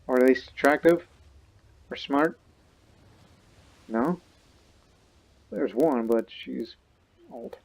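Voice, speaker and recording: A man's voice: medium pitch, takes it slowly, creaky, long pauses, a little mellow. A man giving casual let's-play commentary on a strategy game, playfully acting out the game's characters as he goes. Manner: role-plays the game's characters in a joking tone. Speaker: gaming YouTuber.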